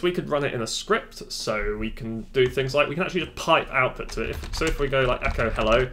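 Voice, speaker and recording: A man's voice: mid-range voice, bright, forceful tone, a little hiss or hum. Chatty man at a desk. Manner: chatty, offhand, self-deprecating asides. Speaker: tech tutorial host. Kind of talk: casual screen-recorded tutorial. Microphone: desk microphone.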